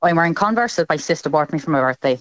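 A woman guest delivering lines in a put-on accent for a guessing game, quick and confident. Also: low-pitched, expressive, crowd noise. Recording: dull remote audio line.

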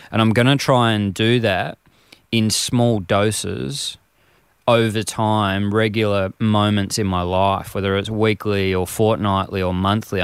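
A man's voice: lowish voice, smooth, no room sound. A man with an Australian accent, talking earnestly as a guest about getting men to open up, often acting out what a man might say to his mate. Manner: passionate, acts out imagined dialogue. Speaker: guest speaker, men's workshop facilitator. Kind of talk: earnest conversational advice.

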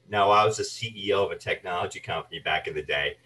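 A man with a low voice recounts his acting career as a guest. He tells stories with energy and briefly puts on the voices of the people he quotes. He sits a little back from the microphone. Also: quick pace, few pauses, distant mic, rough recording. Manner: animated anecdotes, acts out quoted voices. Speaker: guest, actor and voice artist. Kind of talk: storytelling interview chat.

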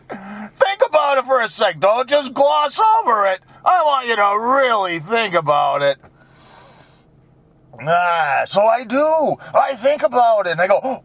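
A man's voice: sits high, very animated, unhurried, a bit bright, no room sound. A man rambling and joking while he drives his truck, swearing freely in a casual vlog. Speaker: vlogger. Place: inside a truck while driving.

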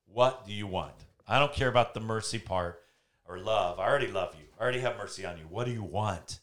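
Gentle male healer, soft, slow and a bit low, voiced by a man retelling a story. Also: natural voice. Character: gentle, patient male healer speaking calmly.

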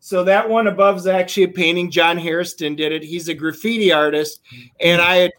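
A man on a talk show as a guest, telling animated stories over a video call. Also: high-pitched, brisk. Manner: animated storytelling. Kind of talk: casual chat.

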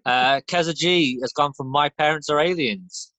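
A man's voice: fairly high pitch, normal speed, pushed and bright, no room sound. Teasing male podcast co-host, dry sound. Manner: teasing, banter-heavy. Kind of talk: casual comedy podcast chat.

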